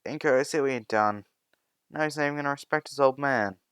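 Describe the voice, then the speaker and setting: A man doing a loud, boastful dad. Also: mid-range voice, fast, smooth, no echo, voice pushed up, close to an everyday voice. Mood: teasing. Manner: loud, jokey, defensive. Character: boastful teasing middle-aged dad.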